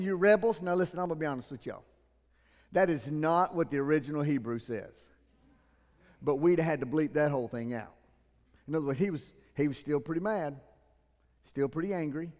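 Man, pastor, sermon, emphatic then hushed, high voice, long hall reverb. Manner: swings from loud emphatic preaching to quiet, earnest asides. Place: church sanctuary.

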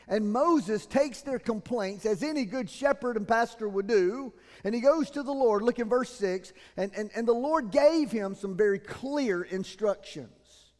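A man, preaching a sermon as pastor in a church, moving between loud emphatic passages and quiet, earnest asides. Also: sits high, animated, a little slow, few pauses. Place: church sanctuary. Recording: long hall reverb.

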